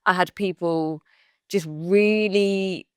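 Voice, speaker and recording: A woman's voice: lowish voice, steady tone, slow pace, a little mellow, clear, resonant tone, dry recording, clean studio sound. A woman in her thirties co-hosting a podcast, speaking frankly and earnestly. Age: 30s. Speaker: podcast co-host. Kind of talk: casual chat.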